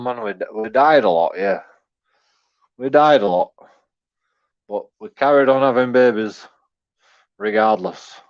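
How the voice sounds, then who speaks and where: A man's voice: medium pitch, muffled recording. Sweary rambling English guy. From England. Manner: profane, rambling, stumbling repeats, chuckling. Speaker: YouTube commentator. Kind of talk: casual rant.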